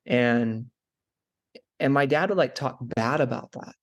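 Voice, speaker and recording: A young adult man with a mid-range voice and measured pace guests on a podcast. He's a chiropractor, chatting casually in an interview and rambling through stories packed with "like" fillers.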